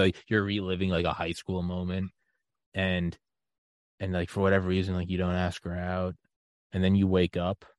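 Male podcast host with a fairly low voice, chatty and animated, dry close recording. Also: no echo. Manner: animated storyteller, acts out quoted voices. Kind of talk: casual conversation.

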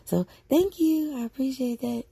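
A woman speaking up in a chat room to thank the host, earnest and grateful, with a hoarse voice that cuts in and out. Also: high voice, moderate pace, mellow, no room sound. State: voice cutting in and out, hoarse.

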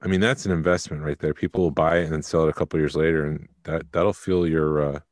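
A man's voice: rumbling low, fairly even intonation, quick pace, dry recording, clean studio sound. A man co-hosting a podcast, chatty and joking while reading prices aloud. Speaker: podcast co-host. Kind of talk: casual chat.

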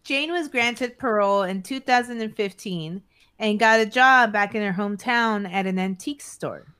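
A woman's voice: medium pitch, normal speed, pushed and bright, clear, resonant tone. Chill woman podcaster telling the crime story, dry little jokes. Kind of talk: casual true-crime chat.

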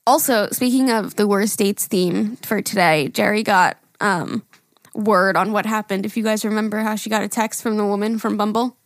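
A woman's voice: mid-range voice, fairly even intonation, moderate pace, dry recording. A woman co-hosting a casual chat podcast, talkative, swearing and laughing often. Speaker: podcast co-host.

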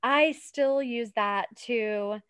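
A chatty woman in her thirties co-hosts a casual podcast, leaning on emphatic repeats as she drifts off topic. Her voice sits a little high. The sound is close and dry, with no room around it. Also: very slow, a bit bright, clean tone, dry recording. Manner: chatty, wanders onto tangents, emphatic repeats. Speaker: podcast co-host. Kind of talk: casual true-crime podcast chat.

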